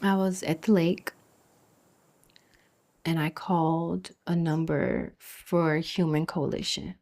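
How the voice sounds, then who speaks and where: A woman's voice: deep voice, fairly even intonation, takes it slowly. A young woman telling her own story of a hard pregnancy, emotional and dropping to near whispers at the hardest parts. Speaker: testimony speaker. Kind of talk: personal testimony storytelling. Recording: soft music behind.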